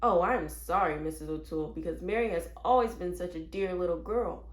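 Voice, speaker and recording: A polite, kindly neighbor woman offering sympathy, as a woman reads her part. Her voice stays close to the narrator's own, gently raised. The reading has an echoey room sound. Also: fairly low pitch, fairly quick, natural voice. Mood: sympathetic.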